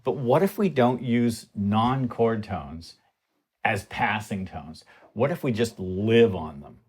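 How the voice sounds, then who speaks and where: Low-voiced man teaching piano theory. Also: animated, slow, darkish tone, slightly rough. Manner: conversational, asks rhetorical questions. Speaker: music teacher. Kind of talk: piano music theory lesson. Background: piano playing.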